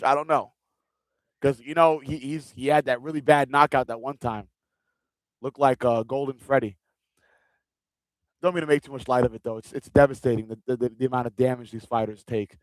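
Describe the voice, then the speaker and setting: A man's voice: mid-range voice, steady tone, moderate pace, long pauses, dry recording, poor audio. Chatty male fight-stream commentator, dry sound. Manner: chatty, rambling, repeats himself. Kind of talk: casual live watch-along commentary. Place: seated in a gaming chair at home.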